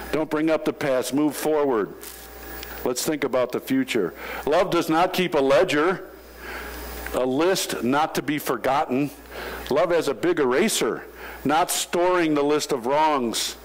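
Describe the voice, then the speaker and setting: A male pastor preaching a sermon, telling jokes and stories in an animated way. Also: fairly high pitch, a little hiss or hum, poor audio. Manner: animated storytelling with joking asides. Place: church sanctuary.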